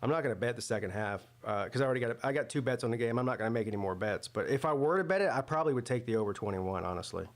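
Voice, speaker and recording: Rapid-fire and animated, with few pauses, a medium-pitched man runs a live football watch-party stream. He chats loosely as casual commentary, thinking aloud through lots of fillers and restarts.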